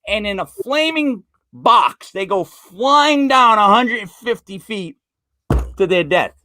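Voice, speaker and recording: A man's voice: high voice, slow pace, dry recording. A man hosting a casual sports podcast, rambling through stories and telling a long joke. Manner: rambling storyteller, animated with joke voices. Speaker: podcast host.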